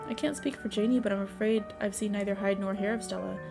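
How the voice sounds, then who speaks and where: A woman voicing a welcoming small-town male pastor who speaks in a gently preachy way. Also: medium pitch, steady tone, fast, gravelly, music in the background, lightly acted. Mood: genial.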